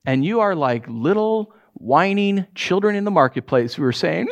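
A male pastor preaching a sermon in a lively, joking way, often putting on voices for quotes. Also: normal speed, hardly any pauses. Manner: animated, acts out quotes in high voices, jokes with congregation.

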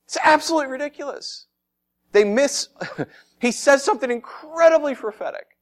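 A man preaching a sermon as pastor, animated and fond of acting out mocking voices, with frequent laughs. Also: very high voice, normal speed.

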